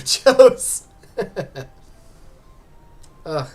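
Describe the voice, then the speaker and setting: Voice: mid-range voice, very animated, very slow, long pauses, a little mellow. A gamer giving casual commentary while playing, muttering encouragement to themselves and joking with chat. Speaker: let's play gamer.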